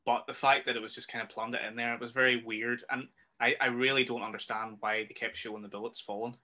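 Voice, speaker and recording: A man's voice: medium pitch, little pitch movement, quick pace, bright, forceful tone. A man with a Northern Irish accent co-hosting a casual film review chat, ranting and swearing freely. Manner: ranting, swears freely, acts out scenes in raised voices. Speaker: podcast co-host.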